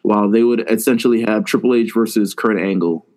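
A man's voice: lowish voice, steady tone, brisk, darkish tone. A man co-hosting a podcast in casual live-watch chat, laid-back, often starting his lines with "listen". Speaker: podcast co-host.

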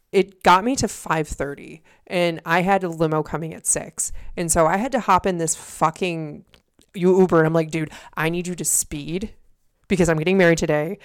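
A woman co-hosting a casual podcast, telling stories in an animated way, acting out quotes and swearing freely. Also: fairly low pitch, smooth. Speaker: podcast co-host. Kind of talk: casual chat.

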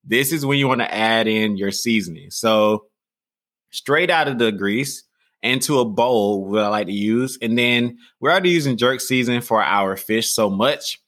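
A man's voice: mid-range voice, normal speed, a bit bright. Southern American man hosting a cooking show. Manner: laughs often, easygoing, drawling. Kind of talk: cooking demonstration with chat.

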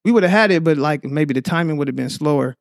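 A young man from the Bay Area with a Bay Area accent, talking in a slangy, rambling, animated way as a podcast guest. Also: fairly high pitch, brisk, gravelly, no room sound, clean studio sound. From San Francisco Bay Area. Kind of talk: casual chat.

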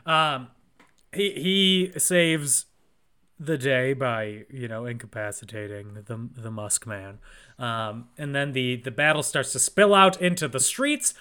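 A man's voice: mid-range voice, slow pace, bright, forceful tone, clear, resonant tone. A man co-hosting a podcast, retelling a film plot casually with sarcastic jokes. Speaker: podcast co-host. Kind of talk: casual movie recap chat.

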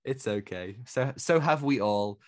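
A man's voice: medium pitch, unhurried, no echo. Opinionated man, dry close sound. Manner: animated, opinionated, rambling restarts. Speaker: podcast co-host. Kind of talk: casual film review chat.

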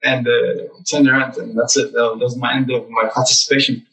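A young man telling lively stories about his childhood as a guest in a casual interview. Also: medium pitch, a little fast, gravelly, recorded from a distance, low-quality recording. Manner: animated, acts out childhood memories.

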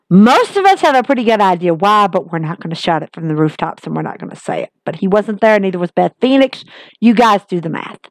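Excitable high-voiced woman. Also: no echo. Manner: excitable, emphatic repetition. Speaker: wrestling recap host. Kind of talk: casual spoken recap to viewers.

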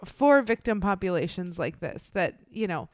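Animated woman podcast co-host. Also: on the low side, moderate pace, no echo, clean studio sound. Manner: animated, expressive, emphatic. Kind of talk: casual podcast chat.

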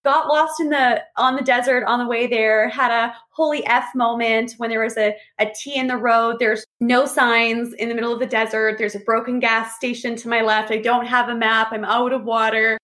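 A woman in casual conversation, telling lively stories and acting out what people said. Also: a little high, moderate pace, few pauses. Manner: animated storyteller, acts out quotes. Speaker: podcast guest. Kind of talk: casual chat.

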